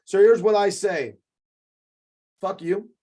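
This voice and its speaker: A man's voice: high voice, takes it slowly, warm tone. A man co-hosting a podcast as a jiu-jitsu coach, giving an emphatic, profane motivational talk that keeps checking in with "okay".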